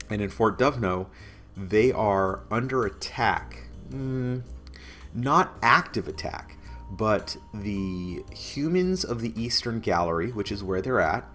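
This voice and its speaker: This game master has a lowish, somewhat bright voice. Casually recapping a home tabletop session, he rambles, restarts often, and chuckles now and then.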